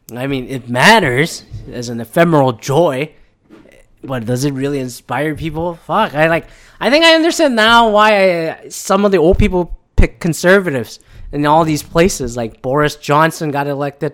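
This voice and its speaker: A man's voice: medium pitch, a bit bright. A man in his thirties who works in tech, ranting in a casual, profane and rambling monologue that keeps drifting off on tangents. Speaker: tech worker ranting on current events.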